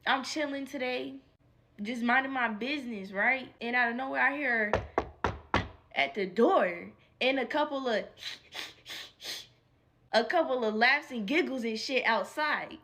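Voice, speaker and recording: A woman's voice: a little high, a little slow, pauses often, a little hiss or hum. A young adult woman telling a storytime vlog in a casual, slangy, profane way, acting out what people said. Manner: animated, profane, slangy, acts out quotes. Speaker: storytime vlogger.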